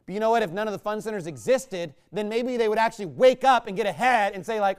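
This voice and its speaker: A man's voice: high-pitched, quick pace, few pauses, clean tone. A male pastor preaching a fiery sermon in a combative, sarcastic way, mocking imagined critics.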